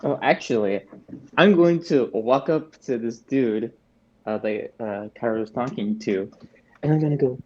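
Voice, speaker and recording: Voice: mid-range voice, a little slow, a little mellow. Player on a muffled lo-fi mic. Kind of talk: tabletop game play.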